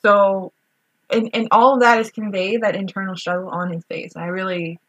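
Woman co-host, husky and dry-sounding, casual chatter about movies, swears freely, laughs easily. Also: medium pitch, flat delivery, normal speed, a bit bright, no room sound, muffled recording. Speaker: podcast co-host. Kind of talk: casual film-rewatch chat.

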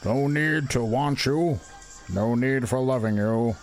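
Guy doing a wrestler impression, drawn-out mock-dramatic poem reading, mid pitch. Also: soft background music. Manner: slow, drawn-out theatrical reading. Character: impression of a drawling male wrestling star reading a sappy poem.

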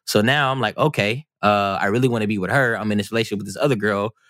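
A man's voice: fairly low pitch, racing, fairly bright tone, no room sound, studio quality. A man telling a personal story on a podcast in a casual, rambling, self-mocking way. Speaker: podcast guest.

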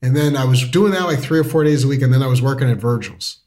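Guy rambling through a story, lots of likes and restarts, average pitch. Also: fast talker, a little mellow. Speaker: storyteller guest. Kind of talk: casual interview storytelling.

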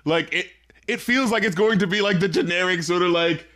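This is a man co-hosting a casual rap review chat. His voice sits high and sounds bright and forward. He laughs a lot, quotes lyrics and trips over fillers as he thinks. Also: fairly quick. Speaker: podcast co-host reviewing rap albums.

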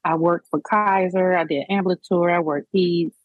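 A woman in her forties, a nurse guest on a podcast, telling her story in an animated, colloquial way. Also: on the low side, moderate pace, dry recording, narrow, tinny audio. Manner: animated, colloquial, acts out quoted dialogue. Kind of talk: casual storytelling interview.

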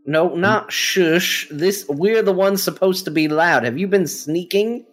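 A man's voice: sits high, unhurried, voice pushed up. A man voicing an exasperated male adventurer who scolds his companions impatiently. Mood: scolding.

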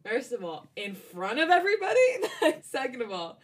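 A woman's voice: on the high side, big pitch swings, moderate pace. A young woman co-hosting a podcast, chatting casually with giggly, flustered reactions. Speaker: podcast co-host. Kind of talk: casual chat.

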